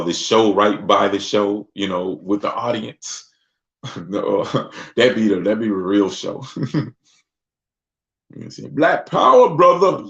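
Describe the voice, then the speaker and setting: A man hosting his own talk show, chatting casually and acting out other people's voices as he goes. His voice is low and heavily gravelly. It comes through a dull, lo-fi recording. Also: fairly bright tone. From Mississippi. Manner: loose, conversational, acts out voices. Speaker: host. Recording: dull lo-fi sound.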